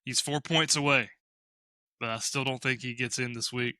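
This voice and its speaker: A man co-hosting a casual sports podcast, giving blunt, quick predictions. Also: medium pitch, steady tone, sharp tone, no echo. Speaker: podcast co-host.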